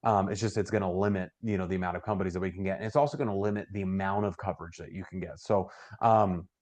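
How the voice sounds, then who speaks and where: A middle-aged man giving casual sales training, talking conversationally and acting out client conversations in a brighter voice. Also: deep voice, fast.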